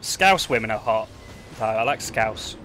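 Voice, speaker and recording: A man's voice: lowish voice, lively intonation, a little slow, background noise. A man with an Essex accent giving blunt, casual commentary to his chat while he plays. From England. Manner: blunt, swearing banter with chat. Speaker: gaming streamer. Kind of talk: casual live-stream commentary.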